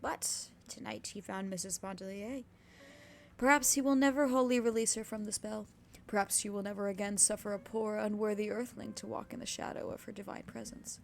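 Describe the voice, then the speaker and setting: A woman's voice: mid-range voice, steady tone, brisk, creaky, slight background noise. A young woman streaming herself reading a classic novel aloud, breaking off into cursing asides. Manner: reads steadily with sudden cursing asides.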